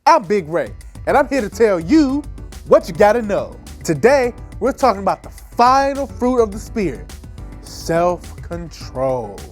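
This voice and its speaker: A woman playing an upbeat, playful presenter in a children's church lesson, talking in a lively, emphatic way. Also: mid-range voice. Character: upbeat kids' show presenter, energetic and playful.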